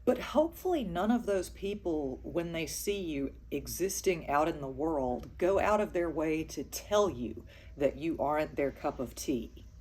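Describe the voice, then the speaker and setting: A woman co-host speaking earnestly and directly to one person, in a measured way. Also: deep voice, lively intonation, darkish tone, a little hiss or hum. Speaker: podcast co-host. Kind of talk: direct address to camera.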